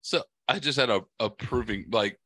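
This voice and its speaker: A man's voice: medium pitch, normal speed, pushed and bright, no room sound. A man hosting a podcast, ranting angrily and cursing constantly in casual chat. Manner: profane angry ranting. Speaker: podcast host.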